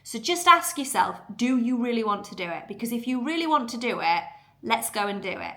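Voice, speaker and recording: Bright-voiced chatty woman. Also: fairly high pitch, animated, fairly quick. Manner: chatty, earnest, lots of fillers. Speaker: podcast host. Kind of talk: casual motivational talk.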